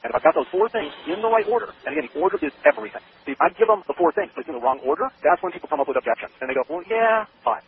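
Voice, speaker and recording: A man giving interview answers about a sales method, talking fast and acting out both sides of a sales conversation. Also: on the high side. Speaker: sales trainer. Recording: tinny phone line with faint noise.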